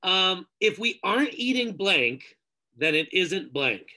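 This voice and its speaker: A woman's voice: on the low side, sing-song, slow, pushed and bright. A woman hosting a casual interview podcast, giving short supportive reactions and prompts. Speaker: podcast host.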